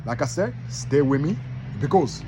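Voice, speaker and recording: A man teaching from the Bible in a casual style, reading verses with loud emphasis and calling out to his listeners. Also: on the high side, normal speed, background noise. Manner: animated, calls out to listeners; reads scripture with loud emphasis. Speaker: preacher.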